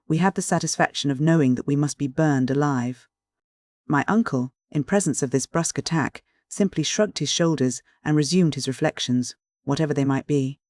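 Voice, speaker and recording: A man narrating a classic adventure novel in steady, clear first-person storytelling. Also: a little high, dry recording, clean studio sound. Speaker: audiobook narrator.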